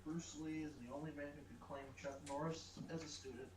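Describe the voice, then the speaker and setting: A man's voice: fairly high pitch, fairly even intonation, brisk. Distant man cracking dry jokes. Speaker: podcast co-host. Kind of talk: casual banter. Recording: roomy, distant, noisy.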